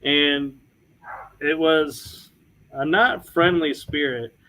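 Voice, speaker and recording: An American man recounts a story at an unhurried pace in a friendly podcast chat. His voice sits a little high, and he leans into the story by playing out each quoted exchange. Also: low-quality recording. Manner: animated anecdote-telling, acting out quoted dialogue with repeated "I was like". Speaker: paranormal investigator, podcast co-host.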